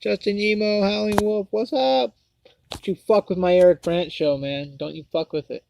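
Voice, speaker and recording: A gravelly, darkish, high-pitched voice with little pitch movement carries a man's angry livestream rant at normal speed. He swears a lot and keeps stammering through restarts, with slight background noise behind him.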